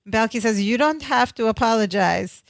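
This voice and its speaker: A woman's voice: fairly high pitch, moderate pace, creaky, no echo. A woman co-hosting a rewatch podcast in casual chat, walking through each scene and quoting the dialogue with a laugh. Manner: narrates plot, quotes dialogue, laughs easily. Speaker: podcast co-host.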